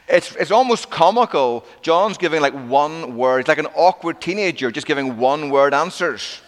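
A man delivering a sermon in a voice a little above the usual male pitch. He tells the story vividly, acting out the quoted lines. The sound carries a long reverb, as in a large church hall. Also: moderate pace, few pauses. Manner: animated storytelling with acted-out quotes. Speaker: preacher.

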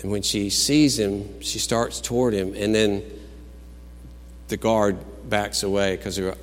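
In a large, echoing hall, a male pastor delivers a sermon at an unhurried pace in a lowish voice. He rises to loud, exclaimed declarations, then falls back to quiet, musing retellings of film scenes.

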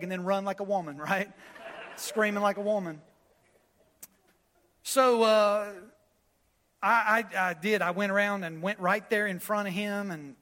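A man preaching a sermon, telling a story with animated swings between loud preaching and quiet. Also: sits high, big-room sound. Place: church.

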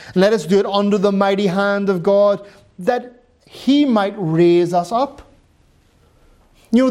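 A man's voice: sits high, a little mellow. A pastor preaching a sermon to his congregation, earnestly exhorting and repeating phrases for emphasis.

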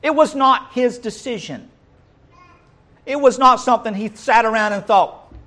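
Male preacher, fairly high voice, emphatic sermon style with lots of repeated rhetorical questions. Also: moderate pace, long pauses, pushed and bright.

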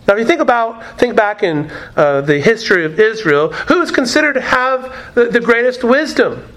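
High-voiced man preaching a sermon. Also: big pitch swings, moderate pace, a bit bright. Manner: expository preaching, repeats key phrases, asks rhetorical questions. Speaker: pastor.

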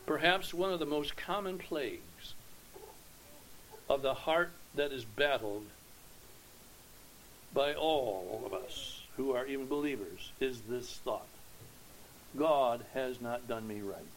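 A man preaching a sermon to his congregation, earnest and emphatic, dropping to hushed tones and swelling to loud declarations, posing rhetorical questions. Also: mid-range voice, lively intonation, slow, long pauses, a little hiss or hum, rough recording. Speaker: pastor.

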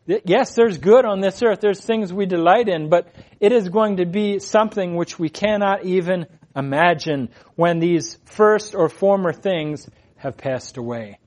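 A man preaching a sermon as pastor, earnest, repeating key phrases and putting questions to the congregation. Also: high voice.

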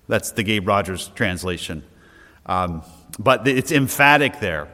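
A man's voice: fairly low pitch, animated, measured pace, sharp tone, in a large hall. A man preaching an earnest, emphatic sermon as pastor, often restarting his phrases.

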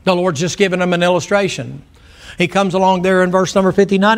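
A man's voice: sits high, steady tone, fast talker. Blunt folksy Southern preacher man. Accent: Southern American. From Southern United States. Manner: folksy, blunt, fervent, with many rhetorical questions. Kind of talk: sermon.

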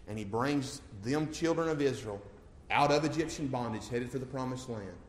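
A man preaching a sermon as pastor, impassioned and swinging from quiet stretches to loud ones. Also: medium pitch, a little hiss or hum. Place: church sanctuary. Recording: echoey church hall.

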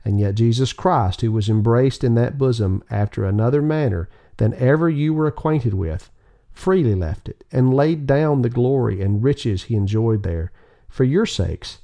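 A man reading an old sermon aloud as an audiobook, in a measured, solemn manner with rising emphasis. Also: mid-range voice, animated, warm tone. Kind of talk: scripted devotional reading.

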